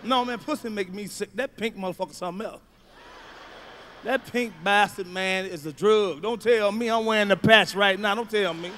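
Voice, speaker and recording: Loud, profane stand-up comedian, high voice. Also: male voice, moderate pace, a little hiss or hum. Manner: loud, profane storytelling, swinging from mutters to shouts. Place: large comedy venue stage. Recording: live show, faint crowd ambience.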